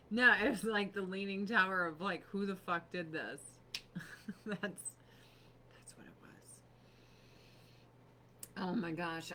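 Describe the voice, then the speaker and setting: A woman's voice: lowish voice, sharp tone, slight background noise. A woman hosting a casual beauty livestream from her home, chatty, laughing often and swearing casually. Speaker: livestream host selling beauty products. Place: home on a snowy mountain.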